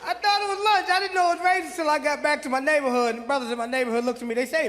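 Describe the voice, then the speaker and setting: A man on stage telling his side of a prank story, with a deadpan, sheepish humor. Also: very high-pitched, very fast, hardly any pauses. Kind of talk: stand-up storytelling. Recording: live hall with crowd. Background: audience laughter.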